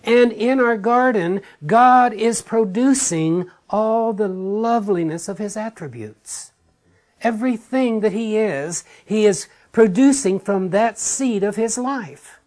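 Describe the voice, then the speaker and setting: A man's voice: high-pitched, slow, darkish tone. A man preaching a sermon in an earnest, emphatic way, repeating phrases for stress.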